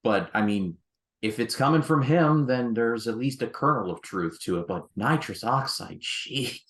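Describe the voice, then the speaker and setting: A man's voice: medium pitch, lively intonation, moderate pace, a bit bright. A man co-hosting a casual film discussion, making wry, joking asides. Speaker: film review co-host. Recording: echoey room.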